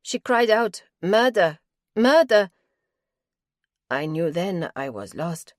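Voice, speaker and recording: A woman's voice: low-pitched, very animated, a little slow, dry recording, studio quality. A woman voicing a distraught young woman accused of murder, pleading in a raised, breathless way.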